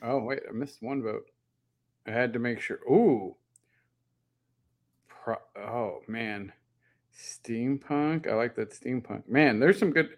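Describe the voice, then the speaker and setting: A man co-hosting a podcast in casual chat, telling a long animated story full of "like" and casual swearing. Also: medium pitch, takes it slowly, pauses often. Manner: animated, rambling storyteller with lots of "like". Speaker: podcast co-host.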